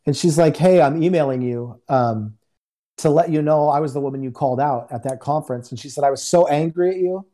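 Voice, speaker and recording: Brisk and mellow, with a slightly high male voice, a guest minister recounts his personal testimony over a remote call. He keeps it conversational and performs the quoted dialogue as part of the story.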